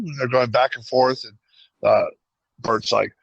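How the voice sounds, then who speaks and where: A man's voice: mid-range voice, fairly quick, husky, dry recording, lo-fi sound. A man co-hosting a casual podcast, telling stories and acting out voices as he goes. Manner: animated storyteller, acts out voices. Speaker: podcast co-host. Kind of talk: casual chat.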